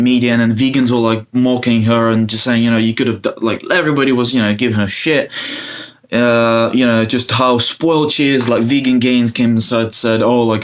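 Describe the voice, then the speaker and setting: A man in a mid-range voice talks casually into a desk computer mic, with many fillers and restarts. His pitch jumps up when something interests him. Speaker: vlogger. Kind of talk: casual commentary with screen sharing.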